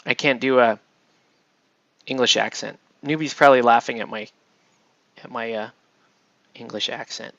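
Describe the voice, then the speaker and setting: A man's voice: medium pitch, steady tone, moderate pace, gravelly, long pauses, fairly bright tone, no echo. A man hosting a casual painting tutorial, chatty and rambling as he works, often checking in with "right?". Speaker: miniature painting host. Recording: dull lo-fi dry sound.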